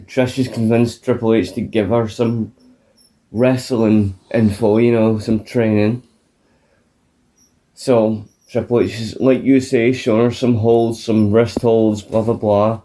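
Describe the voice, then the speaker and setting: A man's voice: lowish voice, flat delivery, slow, mellow. A man co-hosting a casual podcast, crude and jokey as he recaps wrestling. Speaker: podcast co-host.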